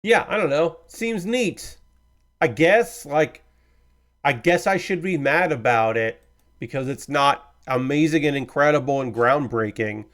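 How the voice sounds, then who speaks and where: A man's voice: fairly high pitch, lively intonation, a little slow, a bit bright. A man hosting a live stream in casual chat, rambling and hedging, easygoing and apologetic, swearing now and then. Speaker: streamer host.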